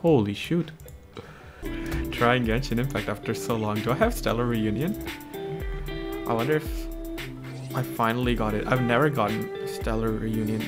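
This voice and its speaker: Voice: medium pitch, normal speed, long pauses. A gaming channel host chatting casually and laughing a lot while playing. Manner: laughs a lot, teasing and upbeat. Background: game music.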